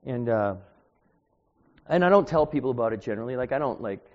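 A man delivering an informal sermon as a preacher, talking in a conversational, anecdotal way that grows louder when he gets animated. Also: mid-range voice, a little fast. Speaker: street preacher. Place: church. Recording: dull lo-fi sound.

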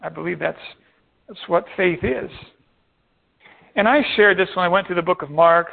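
High-voiced man preaching over a tinny line. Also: normal speed, vocal fry. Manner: animated preaching, acting out the voices of people in the stories. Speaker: pastor. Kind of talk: sermon. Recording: tinny phone-like sound.

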